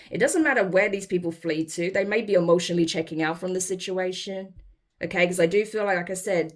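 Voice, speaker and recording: Emphatic, blunt woman reading tarot. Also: on the low side. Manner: emphatic, blunt and profane, with repeated "I'm telling you"; exasperated and incredulous. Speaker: tarot reader. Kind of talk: casual tarot reading to camera.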